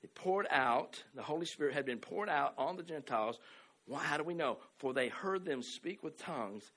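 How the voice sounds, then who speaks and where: Southern guy preaching, bright forceful voice, kinda high, stumbles and repeats himself a lot, gets loud then real soft. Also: expressive, moderate pace. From American South. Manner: storytelling, swings from loud exclamations to soft asides; repeats words and restarts often. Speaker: pastor. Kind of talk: sermon.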